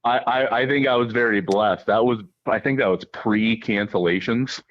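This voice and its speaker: A man from Iowa calling in to a radio show, a former producer, chatting in a halting way full of fillers. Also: lowish voice, dull audio. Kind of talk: casual radio chat.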